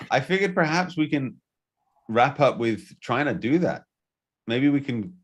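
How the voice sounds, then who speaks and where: A man hosting a podcast in casual spiritual conversation, earnest and enthusiastic, speaking in quick bursts. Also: fairly low pitch. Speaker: podcast host.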